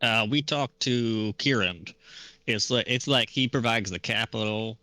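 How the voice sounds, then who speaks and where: Male tabletop player, loose chatty delivery, bright voice, dry close sound. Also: medium pitch, measured pace, dry recording. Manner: loose and casual, with filler words. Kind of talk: casual chat on a live stream.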